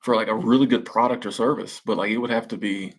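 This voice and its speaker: This young man's voice is lowish and husky, with a steady tone and quick pace, as he hosts a live stream. He chats casually with viewers, reads their comments in slangy speech, and laughs at his own jokes.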